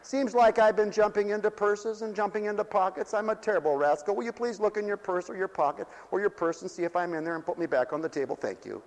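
A man's voice: high voice, fast talker, hardly any pauses, big-room sound, rough recording. A man voicing a mischievous talking salt shaker that makes a mock-official, apologetic announcement. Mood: sheepish.

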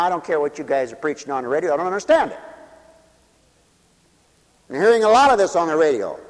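A man preaching a sermon, firing rhetorical questions and swinging from loud declarations to hushed answers. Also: on the high side. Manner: emphatic, rhetorical questions, sweeping swings in volume. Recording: long hall reverb.

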